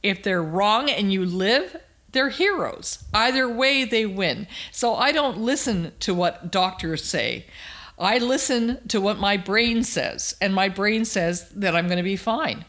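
A woman's voice: medium pitch, lively intonation, measured pace, a bit bright. Emphatic storytelling woman. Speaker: guest, cancer survivor. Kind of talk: storytelling interview.

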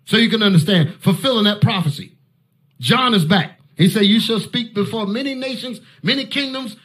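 A fiery male preacher with a high-pitched voice drives his Bible teaching at a moderate pace, with force and sudden shouts. Between points he barks short commands.

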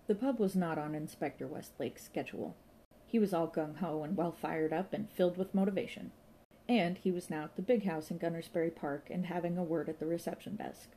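Low, mellow woman narrating an audiobook. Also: fairly quick, slight background noise. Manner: wry, deadpan storytelling. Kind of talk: scripted narration.

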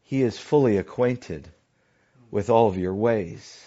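A pastor preaching a sermon, slow and deliberate, often dropping his voice to a hushed near-whisper for emphasis. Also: fairly low pitch. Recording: dull lo-fi recording.

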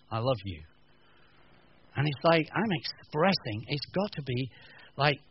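A man from the north of England giving a humorous teaching talk to a live audience, animated and jokey, acting out little scenes. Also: fairly high pitch, muffled recording, a little hiss or hum. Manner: animated, jokey, acts out voices, stammering restarts. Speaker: preacher.

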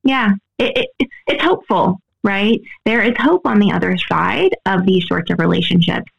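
Woman, interview guest, earnest explainer, fry in the voice, muffled recording. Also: medium pitch, normal speed. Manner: earnest, explanatory, often adds "right?". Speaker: guest expert. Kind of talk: interview answers.

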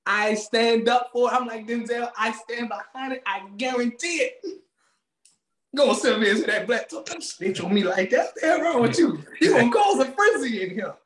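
A man co-hosting a podcast, ranting loudly with swearing and frequent laughter, speaking. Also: very high voice, moderate pace, reverberant. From Maryland, USA. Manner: loud, animated, swearing, laughing often. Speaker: podcast co-host. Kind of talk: casual comedic rant.

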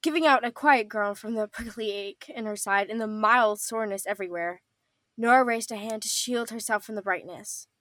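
A young woman reads a homemade audio drama gently. Her voice is fairly high. The recording is dry and close. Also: no echo. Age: young adult. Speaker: narrator and voice actor. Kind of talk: fan audio drama reading.

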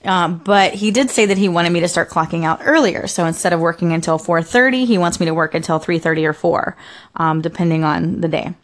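A woman's voice: on the low side, a little fast. Rambling young woman telling her day. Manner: rambling, filler-heavy, with many restarts. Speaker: vlogger. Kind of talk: casual personal storytelling.

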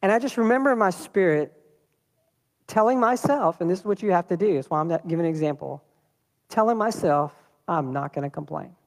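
A man preaching a sermon in a church, talking in a lively, conversational way and throwing rhetorical questions at the congregation. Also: sits high, fairly quick, big-room sound. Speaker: pastor.

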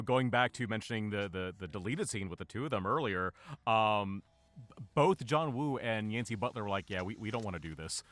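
A man's voice: lowish voice, fairly bright tone. A man co-hosting a film commentary in casual chat, sharing behind-the-scenes trivia and acting out quoted reactions. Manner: chatty, shares trivia, acts out quoted reactions.

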